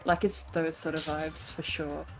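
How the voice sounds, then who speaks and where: A woman playing a tabletop game, slow and hesitant, cracking playful jokes. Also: low voice, little pitch movement, over music. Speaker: player.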